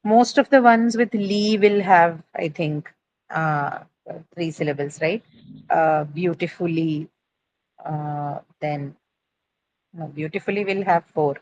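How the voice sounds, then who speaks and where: A woman's voice: deep voice, fairly even intonation, slow pace, a little mellow, dull audio, slight background noise. Woman teacher leading a pronunciation lesson. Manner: checks in with students, frequent "right?" and "uh" fillers. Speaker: English teacher. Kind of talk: classroom lesson on word stress. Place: classroom.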